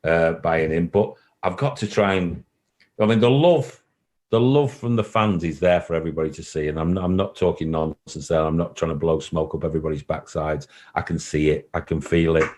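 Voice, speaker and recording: Man, very deep voice, earnest, repetitive, club boss on a call. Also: a little fast, darkish tone. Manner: earnest, repeats himself, emotional at times. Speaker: football club chief executive. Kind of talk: interview answers. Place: call recording.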